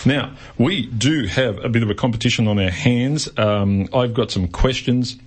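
A man's voice: medium pitch, normal speed, husky. A man with an Australian accent hosting a community radio show, chatting and joking casually with guests and listeners between fillers. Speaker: radio host.

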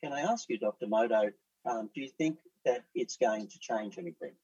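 Middle-aged male psychiatrist, low and measured. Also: expressive, a little mellow, dry recording, recorded from a distance, dull audio. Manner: measured and reflective, hesitant with fillers. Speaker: psychiatrist guest. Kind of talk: radio panel discussion.

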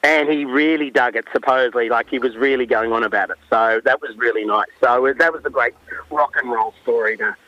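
A man's voice: medium pitch, fairly quick, bright, forceful tone, dry recording, lo-fi sound. An Australian man in his forties, a winemaker guest, telling stories in a chatty, enthusiastic way with many fillers. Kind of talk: casual storytelling.

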